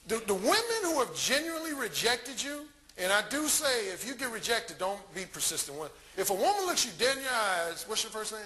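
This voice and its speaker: A man giving a live conference talk as a dating coach, telling crude stories in an animated way. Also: very high voice, a little fast, few pauses.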